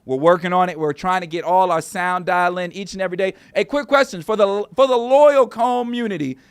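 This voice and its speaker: A man's voice: sits high, fairly quick, smooth, no echo. A man hosting a casual livestream show from a small studio, rambling and talking straight to the viewers in the chat. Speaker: show host.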